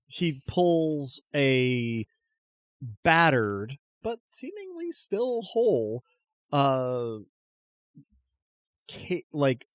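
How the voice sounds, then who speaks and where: A man's voice: fairly high pitch, big pitch swings, drawn-out words, long pauses, dry recording, studio quality. A man narrating a tabletop game as game master, chatty and often restarting his descriptions.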